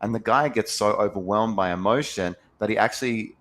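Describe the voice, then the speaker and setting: Low-voiced chatty man. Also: a little fast, fairly bright tone. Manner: chatty storyteller, acts out voices in anecdotes. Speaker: podcast co-host. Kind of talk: casual chat.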